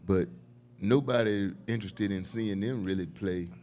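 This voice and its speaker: An older man hosts a comedy podcast panel, joking loosely and swearing as he goes. His voice sits fairly low, and a faint hiss runs under the talk. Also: moderate pace, darkish tone. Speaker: podcast host. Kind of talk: casual panel chat.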